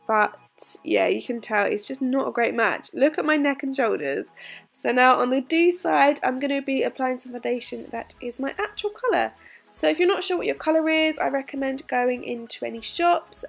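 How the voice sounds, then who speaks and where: A woman vlogger narrating a casual makeup tutorial, chatty and giggly, her voice hoarse from being unwell. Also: sits high, fairly bright tone. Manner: chatty, giggly, frequent ums. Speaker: beauty vlogger.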